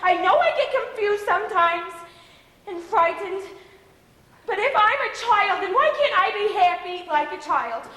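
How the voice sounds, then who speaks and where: A stage actress playing a childlike, emotionally fragile adult daughter who speaks in an earnest, pleading way during a live play. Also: female voice, very high-pitched, animated, a little slow, bright, forceful tone, full character voice. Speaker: stage actor. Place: theater stage. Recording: reverberant theater from far off.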